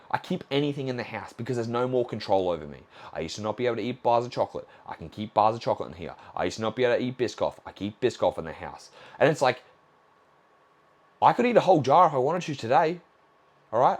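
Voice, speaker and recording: Blunt, swearing male nutrition coach. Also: medium pitch. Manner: blunt, frequent swearing, acts out conversations. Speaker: nutrition coach and podcast host. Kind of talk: solo podcast monologue.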